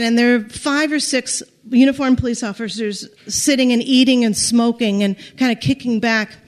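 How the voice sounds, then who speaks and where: A middle-aged woman from the United States telling a personal story in a lively, dramatic way, acting out what she said back then. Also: on the high side. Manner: lively and dramatic, acts out her own quoted speech. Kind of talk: personal story told to listeners.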